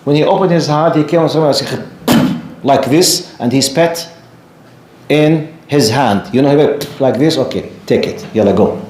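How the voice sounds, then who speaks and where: A man giving a storytelling religious lecture to a live class, animated and often asking the audience questions. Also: a little high, measured pace, slight background noise. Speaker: Islamic lecturer. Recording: echoey room.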